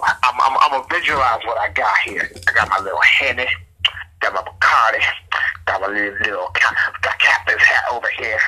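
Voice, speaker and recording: Casting: husky man in his thirties, sports podcast co-host, loose and fired-up trash talk, a bright, forceful edge to his voice. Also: fairly low pitch, a little slow, pauses often, rough recording. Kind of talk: casual sports podcast rant.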